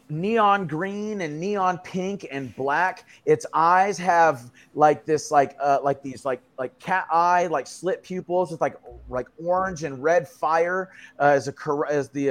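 A man as a podcast guest, telling a story in a loose, slangy way with many fillers and some swearing. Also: fairly high pitch. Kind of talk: casual storytelling.

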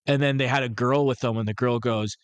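Laughing, animated male podcast co-host. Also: mid-range voice, a little fast, clear, resonant tone, no room sound. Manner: animated storyteller, acts out quotes, laughs often. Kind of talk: casual chat.

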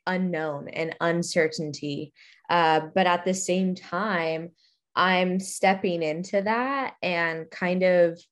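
Slow, low-voiced young woman. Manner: reflective, laughs often, many fillers. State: pregnant, expecting first child. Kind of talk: casual faith conversation.

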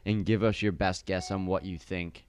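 A man's voice: sits low, steady tone, moderate pace, a little hiss or hum. A male fitness coach co-hosting a casual podcast, talking in an upbeat coaching tone with a slight lisp from a sore tongue.

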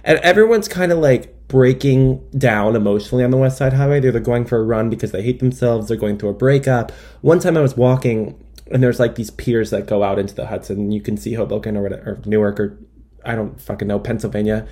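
A man's voice: medium pitch, fast talker, a little mellow. A young man telling a comic monologue in a rambling, self-deprecating way with wry asides. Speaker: comedian. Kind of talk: stand-up style comic monologue.

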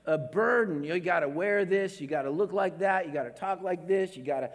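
A pastor preaches a sermon in a high voice, speaking a little fast with a long reverb tail behind him. He's emphatic, repeats words, and swings between raised and hushed delivery.

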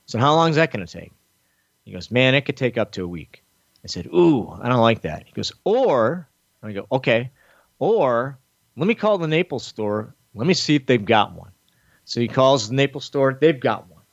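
A man's voice: normal speed, gravelly, no echo, dull audio. A man in casual chat, telling a long story with lots of swearing and acting out other people's lines. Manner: profane, animated storytelling, acting out others' lines with big pitch jumps. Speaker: podcast host telling a story.

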